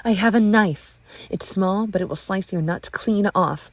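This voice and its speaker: A woman voicing a suspicious, hot-tempered young woman who shouts and snaps in a narrated audio story. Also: medium pitch, measured pace, no room sound, pitched above the performer's own voice. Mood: hostile. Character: fierce, suspicious young woman, quick to yell.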